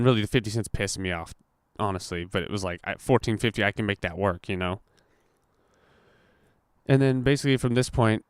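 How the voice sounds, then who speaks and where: A young adult man hosts a podcast, casually recounting a story full of swearing and acted-out quotes in an animated way. His voice sits on the low side with a clean tone, and the studio sound is clean with no echo.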